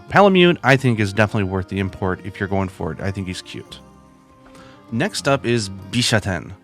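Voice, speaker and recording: A man's voice: on the low side, fairly bright tone. A man hosting a video and reviewing plush toys in a chatty, casual way, with lots of asides. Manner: chatty, with many fillers and asides.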